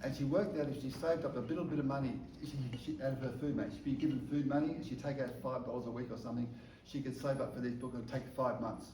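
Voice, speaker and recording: A man preaching through a personal testimony, an animated storyteller who stumbles and repeats words. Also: medium pitch, fast talker, slight background noise. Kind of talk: storytelling sermon. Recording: echoey room, distant mic, faint ambience.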